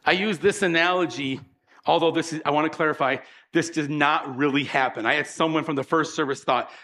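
A man preaching a sermon as pastor, an animated storyteller who acts out the voices in his stories and draws the audience in. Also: a little high, fairly quick.

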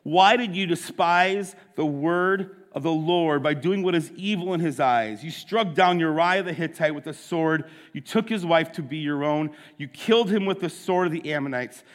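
A man with a fairly high voice preaches a sermon in a church sanctuary. He retells the story in a loose, conversational way, breaking off for asides to his listeners. His voice rings out with the long reverb of a large hall. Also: normal speed, hardly any pauses. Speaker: pastor.

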